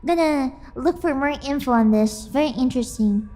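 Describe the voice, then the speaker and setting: A woman streamer chatting casually with her viewers, excitable and quick to laugh. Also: high-pitched, background noise. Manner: excitable, bursts into squealing and laughter. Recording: faint music in the background.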